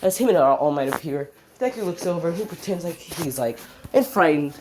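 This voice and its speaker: A woman's voice: low voice, lively intonation, moderate pace, darkish tone, slight background noise. Woman rambling through a fan story. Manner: rambling, full of "basically" and restarts, swears. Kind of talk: casual improvised storytelling.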